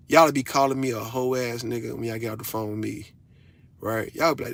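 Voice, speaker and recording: A man's voice: mid-range voice, a little fast, fairly bright tone. A father ranting to his audience in a casual monologue, blunt and profane, hammering his points with repeated phrases.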